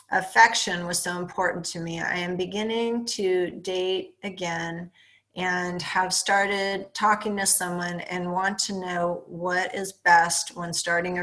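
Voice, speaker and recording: A woman's voice: on the low side, pushed and bright, poor audio. A woman co-hosting a talk, reading a listener's question aloud carefully. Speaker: co-host.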